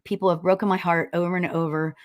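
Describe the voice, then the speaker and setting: Loud, chatty woman medium. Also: fairly low pitch, fast talker. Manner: loud, animated storyteller with frequent laughs and "you know?". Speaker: spiritual medium hosting a live stream. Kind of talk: casual livestream chat reading viewer comments.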